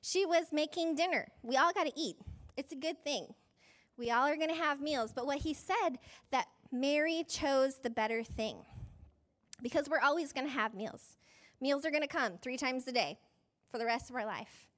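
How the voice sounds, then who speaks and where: A woman's voice: high-pitched, moderate pace, a bit bright. A woman pastor giving a conversational sermon, chatty and self-deprecating, often saying "like" and laughing mid-sentence.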